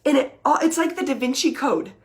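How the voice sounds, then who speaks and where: A woman's voice: sits high, brisk. A woman, talking casually and earnestly to her followers on a live video, repeating phrases for emphasis.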